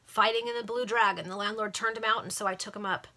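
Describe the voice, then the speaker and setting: A woman voicing a gruff, working-class male constable with rough, dialect-heavy speech. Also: mid-range voice, steady tone, fast talker, sharp tone, natural voice.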